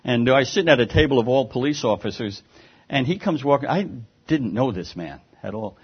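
A man preaching a sermon, lively and emphatic, often restarting his words. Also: mid-range voice, a little fast, husky. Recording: dull lo-fi sound.

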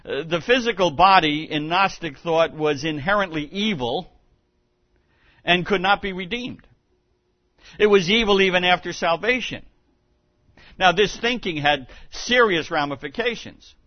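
A man preaching a sermon as pastor, teaching in a measured way with occasional restarts. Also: sits high, dry recording, lo-fi sound.

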